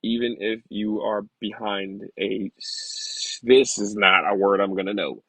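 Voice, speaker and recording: Husky man sounding out words slowly. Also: fairly low pitch, steady tone, bright, forceful tone, no room sound, poor audio. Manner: slow halting sounding-out of words, then candid rambling asides. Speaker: vlogger learning to read. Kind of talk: casual reading aloud and reflecting.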